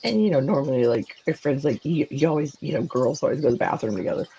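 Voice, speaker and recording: Brief: woman in her 40s, casual chat host, gravelly voice with lively swings in pitch. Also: fast talker, a little hiss or hum, rough recording. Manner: animated, many "like"s, acts out quoted dialogue. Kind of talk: casual chat, personal storytelling.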